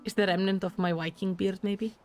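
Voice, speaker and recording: A woman's voice: medium pitch, steady tone, a little fast, darkish tone, faint music behind. A woman streaming a game, chatting casually between lines of game dialogue she reads aloud, with lots of "like".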